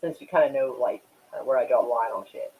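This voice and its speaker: A man's voice: medium pitch, quick pace, phone-quality sound. A man hosting a casual live stream and chatting with viewers, rambling and swearing while he smokes. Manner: rambling and profane, many fillers; smoking while talking.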